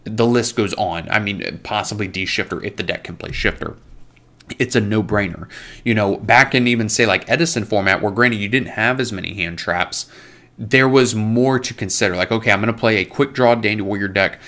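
A man hosting his channel, rambling and opinionated as he answers viewer comments, a little hoarse from losing his voice and clearing his throat. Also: lowish voice, a little fast, sharp tone. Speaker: YouTube host. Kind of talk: casual commentary. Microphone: desk microphone.

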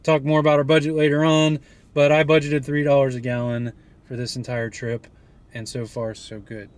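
A man's voice: medium pitch, little pitch movement, moderate pace. A young man hosting a casual travel vlog, joking and playfully teasing as he chats. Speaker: vlog host.

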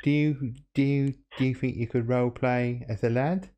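A man making a comedic prank call, cheeky and mock-outraged, squealing up high when flustered. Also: fairly even intonation, moderate pace, background noise. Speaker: prank caller.

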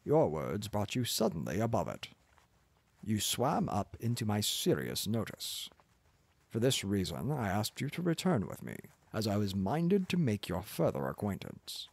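A man's voice: fairly low pitch, huge pitch swings, a little slow, gravelly, husky, dry recording, heavily acted. A man voicing a pompous, arrogant older professor who lectures in a condescending manner. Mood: lecturing.

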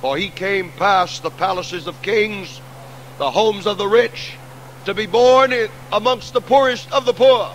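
A pastor preaching a sermon, repeating refrains, sinking quiet and then swelling into loud, rousing calls. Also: male voice, high voice, a little hiss or hum, poor audio.

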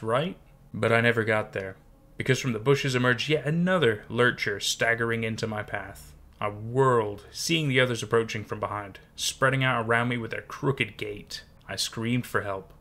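A man narrates a first-person horror story, building suspense with dramatic delivery. His voice sits in a middle pitch with a bright, crisp edge. This is scripted storytelling read straight to the listener.

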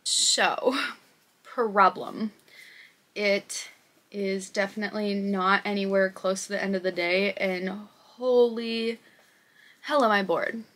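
A woman's voice: medium pitch, fairly even intonation, takes it slowly, fairly bright tone. Rambling young woman vlogging at home. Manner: rambling, self-deprecating, voices her own thoughts. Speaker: crochet vlogger. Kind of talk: casual vlog chat.

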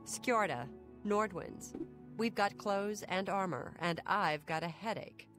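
An actress playing a gruff, weary Nord woman shopkeeper in a video game, speaking curtly and impatiently with sighs. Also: mid-range voice, slow pace, fairly bright tone, faint music behind. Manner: curt, impatient, sighing.

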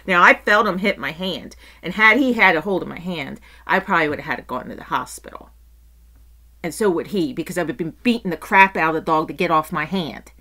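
Woman, middle-aged, casual rant, bright tone, lively swings, swears freely. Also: on the low side, fairly quick. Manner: animated, swears casually, acts out quotes. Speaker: vlogger.

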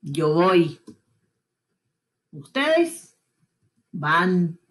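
Slow, lively-voiced woman teaching verbs. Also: on the low side. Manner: slow, deliberate, drills conjugations one by one. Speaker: high school Spanish teacher. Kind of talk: recorded lesson walkthrough. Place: at home. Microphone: computer mic while screen recording.

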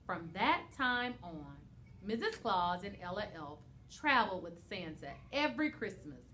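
Woman teacher, children's read-aloud, animated, lively pitch, faint hum. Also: a little slow. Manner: expressive, animated.

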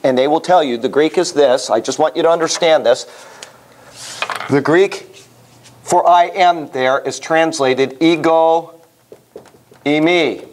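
A man's voice: fairly high pitch, measured pace, long pauses, a little hiss or hum. A man leading a Bible study class in a conversational way, asking the class questions as he teaches. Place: room with a small class.

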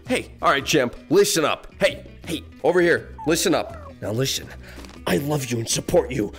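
Animated man role-playing a goofy dad. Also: a little high, moderate pace, soft background music. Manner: animated, jumping between coaxing and panicked outbursts. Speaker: VR game streamer. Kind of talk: improvised comedic role-play as a dad.

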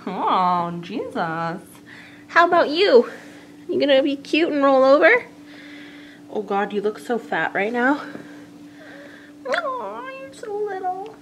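A young woman chats through a casual vlog in a high, lively voice that rises and dips a lot. She talks slowly, mumbling over what she unboxes and cooing at her pets. A light hiss runs under the recording. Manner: muttering to herself while unboxing, cooing to cats. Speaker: vlogger.

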